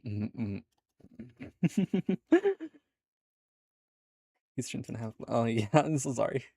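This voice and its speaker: A man's voice: medium pitch, normal speed, creaky, a little mellow, husky, dry recording. A young adult man streaming from home, chatting casually with his viewers in a laid-back way, laughing often and swearing now and then. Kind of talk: casual chat with live viewers.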